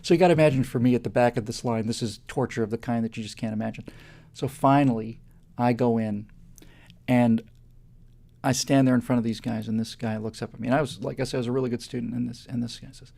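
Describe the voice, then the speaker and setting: A man in his fifties hosting a live web show, telling a long personal story in an animated way and often stumbling and repeating words. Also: medium pitch, fast, creaky. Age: 50s. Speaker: show host.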